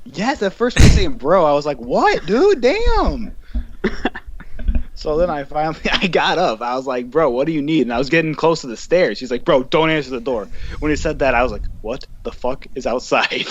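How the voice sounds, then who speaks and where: Young male podcast co-host, animated profane storyteller, muffled lo-fi mic, faint hiss. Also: a little high, brisk. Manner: animated, profane, acts out quotes. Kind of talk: casual storytelling chat.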